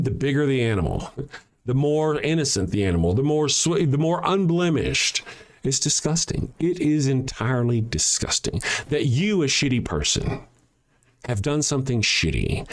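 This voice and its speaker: A man hosting a show, delivering a mocking, sarcastic monologue that swings between loud jabs and quiet asides. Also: medium pitch. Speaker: show host. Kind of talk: ranting monologue.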